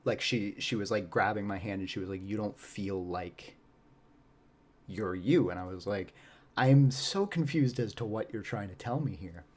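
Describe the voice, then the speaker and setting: A man's voice: lowish voice, a little fast, a little mellow. A man who acts on stage, guesting on a podcast and chatting casually in a rambling, reflective way with plenty of fillers and laughs.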